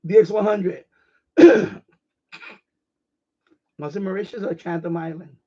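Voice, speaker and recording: A man's voice: high-pitched, slow, dark tone. A man hosting a ham radio live stream, ranting in a casual, profane, emphatic way and repeating his points. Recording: dull lo-fi stream audio.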